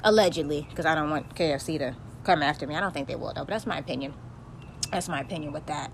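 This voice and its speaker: A woman's voice: sits low, fast talker, slight background noise. A young woman hosting a podcast, ranting bluntly and profanely in a casual monologue. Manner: profane, blunt, heated storytelling. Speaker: podcast host.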